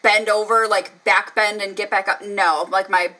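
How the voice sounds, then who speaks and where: A woman's voice: mid-range voice, fairly even intonation, moderate pace, bright, forceful tone, poor audio. A woman in her thirties co-hosting a podcast, chatting casually and candidly, swearing freely. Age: 30s. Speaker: podcast co-host. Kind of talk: casual chat.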